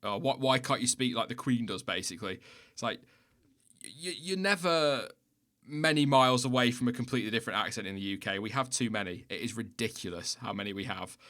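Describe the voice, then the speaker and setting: A British man hosts a casual livestream chat at an ordinary middle pitch. He talks in a loose, rambling way, pokes fun at himself and breaks into laughs often. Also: pushed and bright. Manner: chatty and self-mocking, laughs often. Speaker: livestream host.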